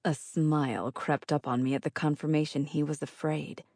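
A woman's voice: sits low, fairly even intonation, normal speed, darkish tone, dry recording. A woman narrating first-person fiction as an audiobook reader, with a wry, dry delivery.

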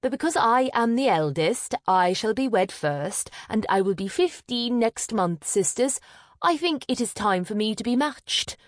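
A woman's voice: a little high, lively intonation, unhurried, no echo, clean studio sound, pitched above the performer's own voice. A woman voicing a proud, vain eldest sister who speaks sharply and impatiently.

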